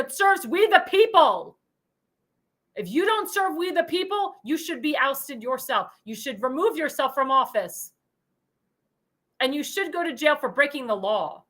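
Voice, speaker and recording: Woman, commentary host, high bright voice, indignant and emphatic, repeats lines. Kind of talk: political commentary show monologue.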